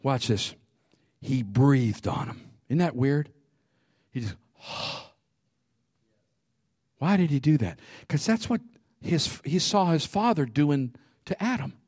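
A man on the high side of the range takes his sermon slowly, with long pauses, in a dry studio-quality recording. Animated and quick to laugh, he tells humorous stories and calls out to those gathered in the congregation.

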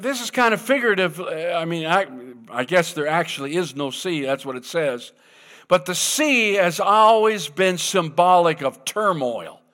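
Preacher guy, slow deliberate delivery, voice swoops all over the place, calls for amens. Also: a little high, sharp tone. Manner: emphatic, reads scripture slowly and dramatically, calls for amens. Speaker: pastor. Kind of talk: sermon.

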